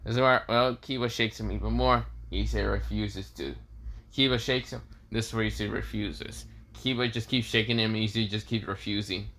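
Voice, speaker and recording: A man's voice: fairly low pitch, steady tone, normal speed, a bit bright. A man narrating a fan story off the cuff, rambling with lots of fillers and self-corrections.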